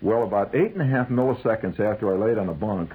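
A man telling a comic, wry story about army life, acting out the shouted calls. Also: on the low side, quick pace, narrow, tinny audio, noisy background.

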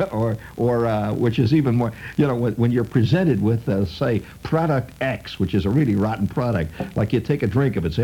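A man's voice: mid-range voice, moderate pace, dark tone, lo-fi sound, a little hiss or hum. A man hosting a radio show, delivering a wry, digressive monologue full of sardonic asides. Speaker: radio host.

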